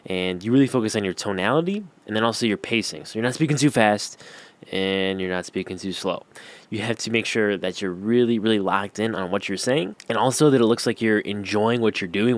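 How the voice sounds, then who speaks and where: Young male YouTube coach, lowish voice, casual filler-heavy delivery to camera. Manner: rambling, filler-heavy, slangy. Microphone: camera-facing.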